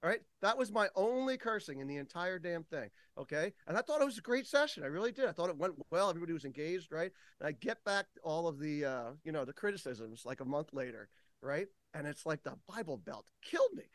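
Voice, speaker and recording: Animated, dry-sounding man in his fifties. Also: a little high, quick pace, no room sound. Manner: animated storyteller, swears freely, acts out quotes. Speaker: guest, day camp owner and podcast host. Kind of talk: casual podcast conversation.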